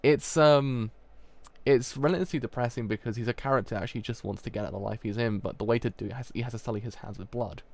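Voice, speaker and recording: Gravelly man rambling through a review. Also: medium pitch, fast talker, darkish tone, no echo. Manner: rambling, many restarts and fillers. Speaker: manga reviewer. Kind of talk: casual live review.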